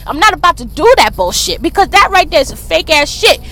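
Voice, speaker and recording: A woman vlogger, ranting loudly and profanely about celebrity gossip, filmed on a phone in a car in traffic. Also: sits high, big pitch swings, fairly quick. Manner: loud, profane, fired-up ranting. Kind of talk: casual ranting commentary.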